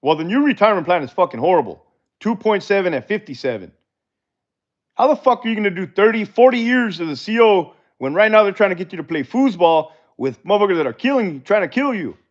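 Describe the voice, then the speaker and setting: Middle-aged male streamer, slightly high voice, blunt and profane, muffled lo-fi audio. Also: sing-song, fast talker. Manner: blunt, profane, laid-back storytelling. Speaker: livestream host, former corrections officer. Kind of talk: casual livestream chat answering viewer questions. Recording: dull lo-fi livestream audio.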